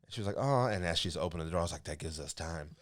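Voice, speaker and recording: A man with a low voice that swings widely up and down as he talks. He co-hosts a casual podcast and tells stories with frequent laughter. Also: very fast. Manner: laughs often while telling stories, animated. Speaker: podcast co-host. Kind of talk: casual storytelling chat.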